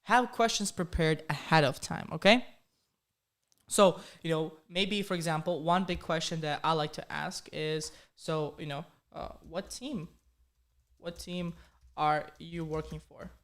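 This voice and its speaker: A man's voice: a little high, steady tone, a little slow, a bit bright. Guy with a slight accent giving a pep talk on a livestream, keeps saying okay and right, lots of repeating. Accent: slight foreign accent. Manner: encouraging, repetitive, keeps checking in with "okay?" and "right?". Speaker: coding career coach hosting a live training. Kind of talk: live-streamed motivational coaching talk.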